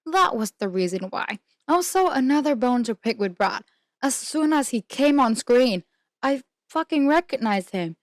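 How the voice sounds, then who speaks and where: A woman's voice: sits high, animated, normal speed, no echo, clean studio sound. A young woman hosting a podcast, ranting in a blunt, profane casual chat and laughing mid-sentence. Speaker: podcast host.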